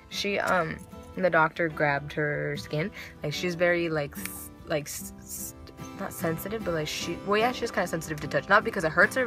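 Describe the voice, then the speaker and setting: A young woman vlogging to a handheld camera in a chatty, rambling way, swearing freely as she talks about her day. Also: fairly low pitch. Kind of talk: casual vlog chat.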